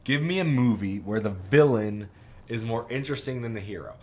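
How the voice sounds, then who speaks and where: A young man co-hosting a casual movie chat, relaxed, often trailing off quietly at the ends of his thoughts. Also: medium pitch, a little fast. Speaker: podcast co-host.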